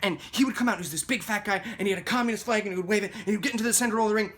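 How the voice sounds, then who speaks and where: A young man delivering a comedic rant to the camera, animated and quick, breaking into loud mock shouting. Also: high voice.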